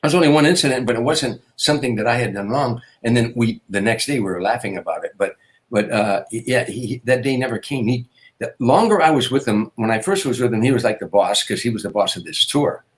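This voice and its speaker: An older man, a comedian, telling anecdotes in an interview, with repetitions and quick restarts. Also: medium pitch, lively intonation. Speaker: guest comedian. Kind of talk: storytelling interview.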